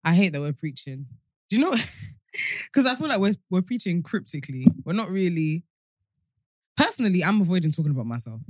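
Animated woman telling stories. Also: lowish voice, brisk, no echo, studio quality. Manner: animated storyteller, acts out quoted voices. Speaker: podcast co-host. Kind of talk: casual chat.

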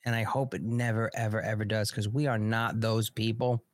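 A man's voice: lowish voice, level tone, fairly quick, no echo, studio quality. A man with a Long Island New York accent hosting a live political commentary show, talking bluntly and heatedly in a rambling way, with many restarts.

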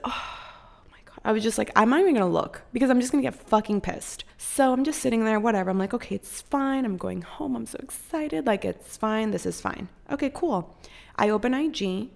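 A woman's voice: mid-range voice, creaky. A young woman telling a rambling, casual storytime, full of filler words and swearing. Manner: chatty, heavy "like" filler, frequent swearing. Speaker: content creator.

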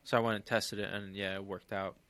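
Guy with a lowish voice rambling about a game, lots of ums, dry close mic. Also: flat delivery, fairly bright tone, no room sound. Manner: rambling, halting, lots of fillers. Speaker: podcast co-host. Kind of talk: casual gaming chat.

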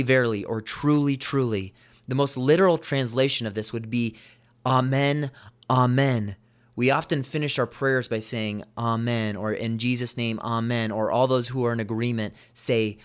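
A man preaching a sermon as pastor, reading scripture aloud and repeating key phrases with emphasis. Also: medium pitch.

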